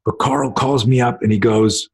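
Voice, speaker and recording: A middle-aged man, a self-defense coach, telling stories in a casual interview, rambling and animated, acting out quotes with swearing. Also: mid-range voice, moderate pace, creaky, husky. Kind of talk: casual storytelling in a podcast interview.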